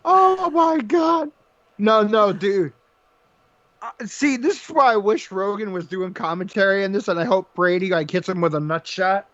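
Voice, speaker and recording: High-voiced man joking through fight picks. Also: fairly bright tone, lo-fi sound. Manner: joking, laughs often, quick banter. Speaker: podcast co-host. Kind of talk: casual chat about fight picks.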